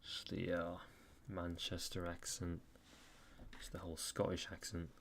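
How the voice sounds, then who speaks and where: A man's voice: low-pitched, monotone, measured pace, creaky, a little hiss or hum. A Norwegian man with an American-leaning accent chatting casually to viewers on a live stream, rambling with lots of fillers. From Norway.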